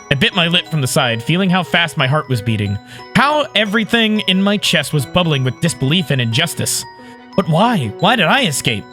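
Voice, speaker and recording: Man, gamer, visual novel read-aloud, excitable, bright, very animated. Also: a little high, brisk, soft background music. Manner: excitable, shrieks and yells reactions.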